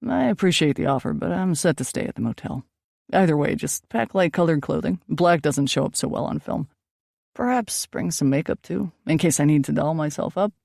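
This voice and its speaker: A woman's voice: sits low, animated, a little fast, gravelly, a little mellow, no echo, studio quality, exaggerated voice. Woman reading a teasing young guy named Dex. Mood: brisk. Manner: teasing, breezy, playful. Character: joking eccentric young male ghost hunter. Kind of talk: audiobook dialogue.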